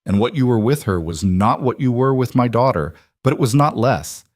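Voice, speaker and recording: A man's voice: medium pitch, lively intonation, moderate pace, darkish tone, no room sound, studio quality, natural voice. A man voicing a blunt, commanding older grandmother who insists on her points and repeats them. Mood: forceful.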